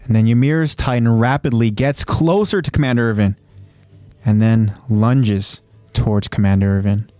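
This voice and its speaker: A man's voice: on the low side, moderate pace, dark tone, no echo. A man co-hosting a casual podcast, retelling scenes step by step and then talking loosely about them. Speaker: podcast co-host. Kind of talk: casual podcast chat recapping an anime episode.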